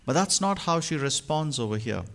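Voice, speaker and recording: A male pastor preaching a sermon, moving from hushed, slow lines to loud, emphatic ones. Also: fairly high pitch, animated, creaky.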